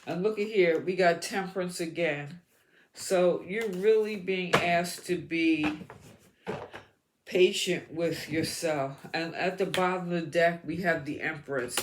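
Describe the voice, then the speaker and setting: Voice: mid-range voice, measured pace, noisy background. A tarot reader giving an astrology reading to the viewer, encouraging and repeating words as the cards come up.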